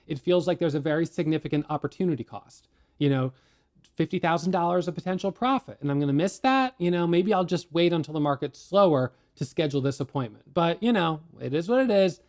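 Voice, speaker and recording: Animated man telling a candid story. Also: on the high side, brisk. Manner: candid, animated, self-deprecating. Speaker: day trading educator. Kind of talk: casual storytelling to viewers.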